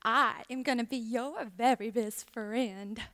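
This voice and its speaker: A woman's voice: sits high, very animated, unhurried, sharp tone, full character voice. A woman from Tennessee voicing a kindly, fussing old lady of 101 in a told tall tale.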